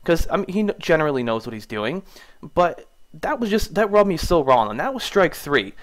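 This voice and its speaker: A man's voice: sing-song, normal speed. Indignant young man telling a rant. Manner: indignant, rising in pitch when annoyed. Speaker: gaming YouTuber. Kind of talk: casual storytelling rant.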